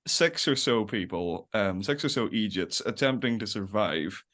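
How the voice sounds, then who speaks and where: A man's voice: on the low side, expressive, moderate pace, a bit bright. A young man as a podcast guest, rambling in casual chat, laughing often and acting out little quotes. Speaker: podcast guest, web series creator.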